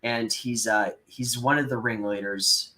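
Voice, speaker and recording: A man's voice: mid-range voice, fairly even intonation, measured pace, pushed and bright, low-quality recording. A young man co-hosting a casual podcast, talking loosely with many fillers. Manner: loose and rambling, lots of fillers. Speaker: co-host.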